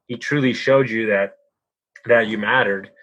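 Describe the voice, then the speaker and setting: Male interviewer with a crisp, bright tone, encouraging, dull dry sound. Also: fairly low pitch, fairly even intonation, measured pace. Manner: warm-hearted, encouraging, repeats words. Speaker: podcast host. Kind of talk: conversational interview.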